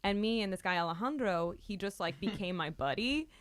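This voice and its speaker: A woman comedian telling a long, rambling story in a casual way, with lots of "like" and loud acted-out outbursts. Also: mid-range voice, animated, a little fast, background noise. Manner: rambling, filler-heavy, acts out voices loudly. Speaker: guest comedian.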